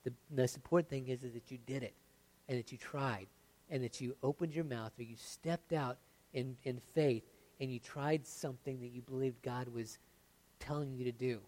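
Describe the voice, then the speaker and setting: Speaking at a moderate pace with a medium-pitched voice, a male pastor preaches in a chatty style. He keeps checking in with "right?" and "okay?" while swinging from lively stress to hushed sincerity.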